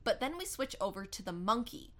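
A woman co-hosting a casual film recap chat, retelling the plot and acting out lines in quick voices. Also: mid-range voice, very animated. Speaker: podcast co-host.

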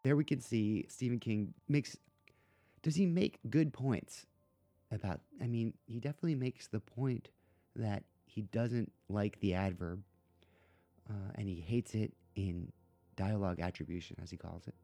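A man's voice: lowish voice, measured pace, warm tone. A man hosting a podcast, chatting casually about a book and rambling through his points with lots of fillers and restarts. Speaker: podcast host.

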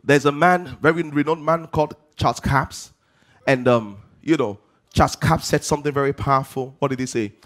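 A man's voice: medium pitch, normal speed. A man preaching a sermon to a congregation. He asks rhetorical questions and answers them himself, with emphatic rising delivery.

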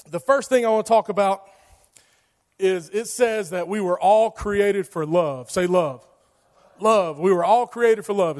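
Youth pastor guy in his 30s, kinda high voice, chatty, preaching in a big echoey church hall. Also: darkish tone. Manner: casual, joking, lots of "like". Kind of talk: sermon. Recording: long hall reverb.

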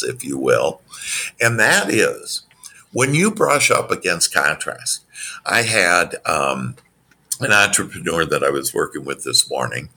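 Male business coach, very low and gravelly, bright-edged, motivational interview answers. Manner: animated, acts out quoted dialogue in a higher voice; spiritual self-help phrasing.

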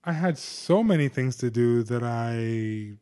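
A man co-hosting a podcast, telling stories in a casual, animated and profane way with quick asides. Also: medium pitch. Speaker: podcast co-host. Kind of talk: casual chat.

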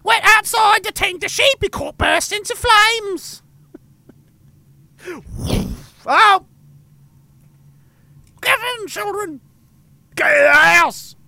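A man doing a shrill old Irish hill farmer. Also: expressive, drawn-out words, creaky, long pauses, no echo, full character voice. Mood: panicked. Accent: put-on Irish. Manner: shrill yelling.

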